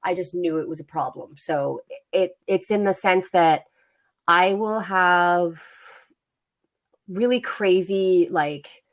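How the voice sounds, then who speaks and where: A woman's voice: lowish voice, slow. A woman co-hosting a casual podcast, chatty and open, laughing often and using many fillers. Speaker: podcast co-host.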